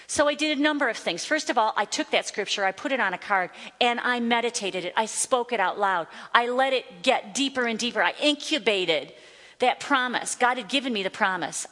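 Woman preacher, emphatic and fervent, mid-pitched, long hall reverb. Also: a bit bright. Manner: emphatic, rising to fervent declarations. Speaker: Bible teacher. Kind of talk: sermon teaching.

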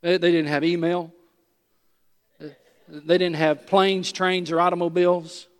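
Male preacher, high-pitched, emphatic teaching style, long hall reverb. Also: measured pace, clean tone. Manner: animated, emphatic, conversational teaching. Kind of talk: expository sermon.

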